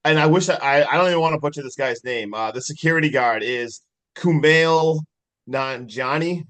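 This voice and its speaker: A man's voice: fairly high pitch, moderate pace, fairly bright tone. A man co-hosting a casual movie review podcast, chiming in and laughing as he retells scenes. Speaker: podcast co-host.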